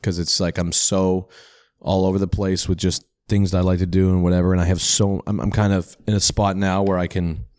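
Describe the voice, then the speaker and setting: A man's voice: deep voice, little pitch movement, fairly quick, darkish tone, dry recording. A man talking as a podcast guest in casual chat, rambling through profane, self-deprecating stories.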